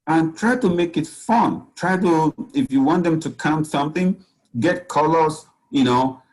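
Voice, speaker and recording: A man's voice: a little high, a little slow, darkish tone, rough recording. A man, a physician speaking as guest at a parenting talk, giving earnest advice and often saying "you know.". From Nigeria.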